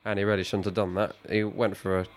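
A man's voice: sits low, little pitch movement, fast talker. A man hosting a podcast, giving dry, wisecracking football play-by-play. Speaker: podcast host and commentator. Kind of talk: comedic football commentary.

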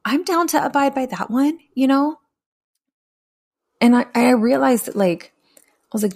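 A woman's voice: sits high, lively intonation, a little slow, long pauses, darkish tone. A young adult woman telling her own story candidly and bluntly, with profanity and acted-out quotes. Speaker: speaker sharing her story.

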